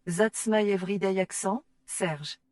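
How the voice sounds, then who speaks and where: A woman's voice: medium pitch, a little slow, darkish tone, dry recording, far from the mic. A woman co-hosting a podcast, saying French phrases and translating them into English. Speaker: podcast co-host.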